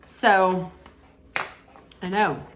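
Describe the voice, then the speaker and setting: A woman's voice: medium pitch, fairly even intonation, very slow, slight background noise. A woman vlogger recapping a reality TV episode in a casual, chatty way, retelling scenes and quoting lines with frequent restarts.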